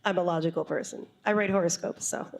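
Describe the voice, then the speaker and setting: A woman telling a true story live on stage to an audience, animated and quick to laugh, with comic asides. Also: on the low side, creaky, very noisy.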